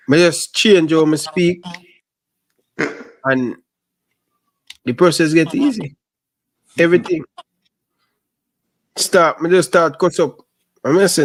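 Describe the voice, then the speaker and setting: A man with a Jamaican accent hosting a casual chat, telling stories in relaxed patois. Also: a little high.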